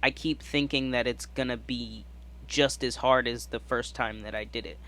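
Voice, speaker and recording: A man's voice: medium pitch, steady tone, moderate pace, a bit bright. A man co-hosting a podcast in casual chat, thinking aloud hesitantly and restarting his sentences. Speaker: podcast co-host.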